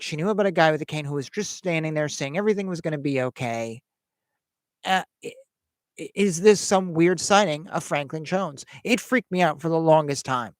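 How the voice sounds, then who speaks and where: A man's voice: on the high side, dry recording. Hesitant man telling a story. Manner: hesitant, repeats words, acts out quoted voices. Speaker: host. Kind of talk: livestream storytelling.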